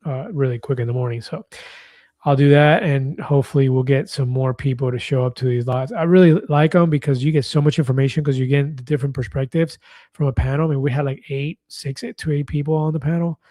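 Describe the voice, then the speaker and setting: A man's voice: mid-range voice, quick pace, mellow, dry recording. A man in his fifties hosting a casual livestream, chatting and reading viewer comments aloud, laughing easily. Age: 50s. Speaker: livestream host.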